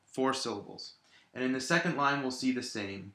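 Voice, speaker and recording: Male teacher, crisp bright tone, roomy classroom sound, patient explainer. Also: medium pitch, normal speed. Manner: explains patiently, exaggerates syllable stress in examples. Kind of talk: recorded classroom lesson. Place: classroom at a whiteboard.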